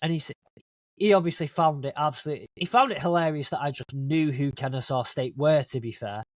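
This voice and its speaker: A man's voice: fairly high pitch, a little fast, no echo. A British man hosting a podcast, teasing his co-host in casual chat and signing off the show. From Britain. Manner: teasing, wraps up with show sign-off.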